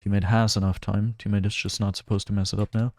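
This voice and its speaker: Man, low voice, casual gameplay commentary, chatty, laughs a lot. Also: flat delivery, fast talker, a little mellow, dry recording. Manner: chatty, laughs often, muses aloud. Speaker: gaming streamer.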